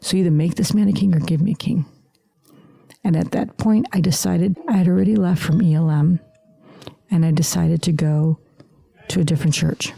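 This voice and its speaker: A woman's voice: fairly low pitch, vocal fry, mellow, husky. A middle-aged woman telling her personal story as a podcast guest, emphatic and dropping into whispered asides.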